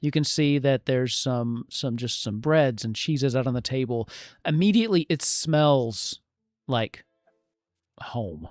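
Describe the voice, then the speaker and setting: A man's voice: medium pitch, animated, takes it slowly, no echo, clean studio sound, faint music behind. A man narrating a tabletop game as game master, descriptive and meandering.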